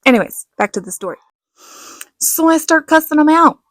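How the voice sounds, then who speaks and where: A middle-aged woman telling a personal story in a casual vlog, animated and laughing, acting out what others said. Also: sits high, moderate pace, no echo. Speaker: vlogger.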